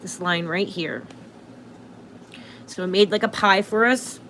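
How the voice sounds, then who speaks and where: A woman's voice: medium pitch, a little slow, fairly bright tone, slight background noise. A woman hosting a casual astrology livestream into her phone, chatty and self-interrupting.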